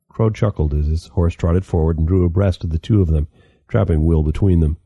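A man narrating an audiobook in a steady, measured storytelling manner. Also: very deep voice, breathy edge, no echo. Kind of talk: scripted narration.

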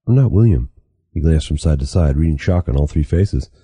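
Man, audiobook narration, very deep voice, dark, husky, dry close sound. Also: steady tone, brisk, no room sound. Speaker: author reading his own book.

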